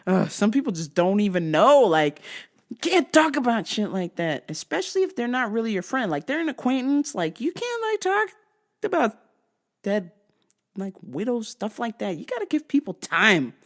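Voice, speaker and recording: Animated, foul-mouthed woman telling a story. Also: fairly high pitch, moderate pace. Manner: animated, profane and exasperated. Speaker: host. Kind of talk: profane storytime vlog.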